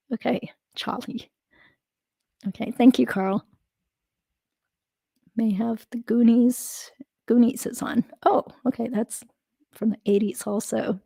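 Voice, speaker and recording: A woman hosts a live stream in a relaxed, rambling way. She reads out viewer comments and chats through them, laughing easily. Her voice has a gravelly fry, and the sound is close and dry with no room echo. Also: medium pitch. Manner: chatty, thinks aloud with many fillers, laughs easily. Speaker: livestream host reading chat comments. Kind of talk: casual live chat.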